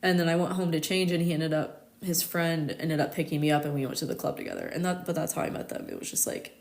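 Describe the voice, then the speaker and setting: Chatty thirty-year-old woman, lowish voice. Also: lively intonation, quick pace. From United States. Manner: chatty storytelling, constant "like", laughs often. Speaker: astrologer hosting a live stream. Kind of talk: casual live-stream chat. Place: her home in Paris.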